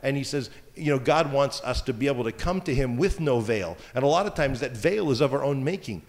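A man's voice: mid-range voice, lively intonation, a little fast. A man preaching a sermon as pastor, talking in a conversational way with joking asides. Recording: long hall reverb.

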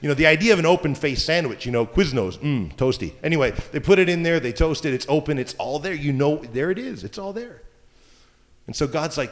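A man's voice: a little high, animated, a little fast. A man preaching a sermon as pastor, talking in a conversational way with joking asides. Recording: long hall reverb.

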